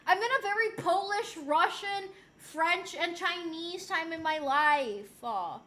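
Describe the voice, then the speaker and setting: High-voiced young woman chatting on stream. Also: expressive, slow, bright, forceful tone. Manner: chatty and loose, swears freely, laughs often. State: slightly sore throat. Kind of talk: casual chat stream, reading chat aloud.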